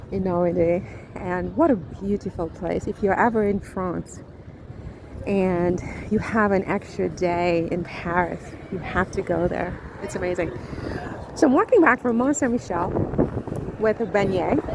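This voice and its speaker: A woman vlogging as she walks outdoors, talking theatrically and dramatically, swinging between playful and indignant. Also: medium pitch. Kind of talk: casual vlog, walking outdoors. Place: outdoors by a river in a city. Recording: outdoor street noise behind.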